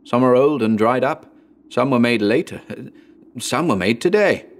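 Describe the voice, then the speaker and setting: A man's voice: fairly low pitch, very animated, moderate pace. A man voicing a ship's mate on a whaler who mutters his words in a perplexed, bewildered way. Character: bewildered middle-aged male ship's mate.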